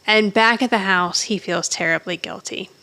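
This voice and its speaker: A woman's voice: mid-range voice, moderate pace, pushed and bright. A woman co-hosting a podcast, chattily recapping a TV episode and often laughing. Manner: retells scenes chattily, acting out dialogue, laughs often. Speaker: podcast co-host.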